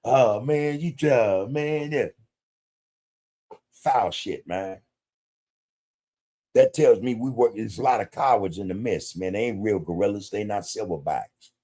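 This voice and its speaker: A man's voice: fairly low pitch, normal speed, dark tone, breathy edge. A man hosting a podcast livestream, talking bluntly in street slang with plenty of profanity and greeting viewers in the chat. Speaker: podcast host. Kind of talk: casual livestream commentary.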